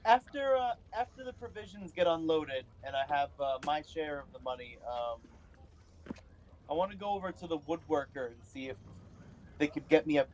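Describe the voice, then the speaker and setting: Casting: male player, somewhat raised pitch, halting delivery. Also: expressive, a little mellow, a little hiss or hum. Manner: hesitant, stating his character's actions. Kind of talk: tabletop game play.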